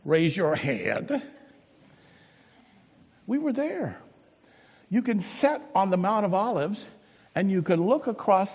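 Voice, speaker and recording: Husky pastor preaching in a reverberant church. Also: male voice, lo-fi sound. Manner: dramatic swings from booming to hushed, drawn-out emphasis. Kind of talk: sermon. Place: church sanctuary. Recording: long hall reverb.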